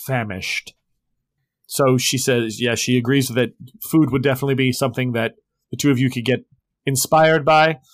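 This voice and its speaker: A man's voice: medium pitch, steady tone, fairly quick, no echo. Man game master, rambling tabletop narration, many restarts, dry close sound.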